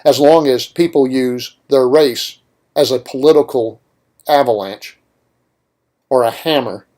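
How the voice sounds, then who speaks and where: A man's voice: mid-range voice, measured pace, warm tone. A man hosting a political talk radio show, delivering an opinionated monologue with emphatic points and rhetorical questions.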